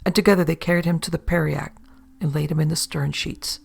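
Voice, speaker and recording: A woman's voice: low voice, steady tone, a little fast, creaky, slightly rough. A woman narrating a horror tale of the sea in a folksy sailor-yarn manner. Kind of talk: horror story reading.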